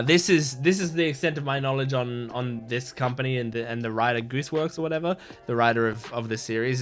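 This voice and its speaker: A man's voice: medium pitch, a bit bright. Earnest, rambling male reaction host. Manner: earnest, reflective, rambling analysis. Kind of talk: casual spoken commentary.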